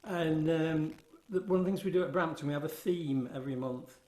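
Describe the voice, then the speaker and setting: A man's voice: on the high side, a little fast, a little mellow. A man, rambling and self-deprecating as he introduces a song on a video call. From England. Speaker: folk club performer. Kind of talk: casual chat introducing a song. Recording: echoey home room, guitar sounds.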